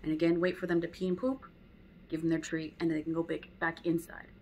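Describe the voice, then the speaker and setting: A woman's voice: sits low, level tone, fast talker, warm tone, slight background noise, poor audio. A woman teaching dog training in a casual, conversational way at home. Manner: conversational, acts out dog and owner voices. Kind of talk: casual spoken lesson.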